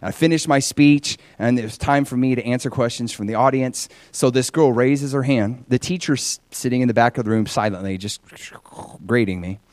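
A man preaching a sermon, telling a personal story in an earnest, animated way. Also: mid-range voice, moderate pace, no echo.

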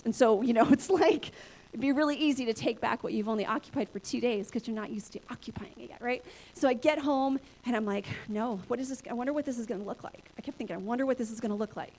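Woman pastor in her thirties, bright high register, animated preacher who acts out her inner voices. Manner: lively personal storytelling, acts out her own inner voices. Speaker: pastor and church planter. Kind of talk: sermon storytelling.

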